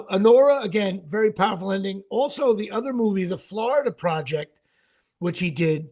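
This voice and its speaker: A man's voice: high voice, vocal fry. A man hosting a casual chat show, talking in an emphatic, rambling way. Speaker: host.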